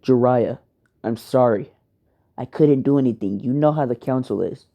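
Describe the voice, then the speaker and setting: A man voicing a weary, apologetic old male village leader in a fan story, calm and soft-spoken. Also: medium pitch, moderate pace, muffled recording, close to an everyday voice. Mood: regretful.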